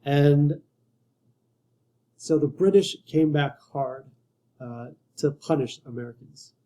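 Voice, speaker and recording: A man lectures on history in a casual, conversational way. His voice is very dark and mellow yet sits slightly high, and he often breaks off and restarts sentences. He has a wry, amused edge. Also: takes it slowly, low-quality recording. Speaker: history teacher.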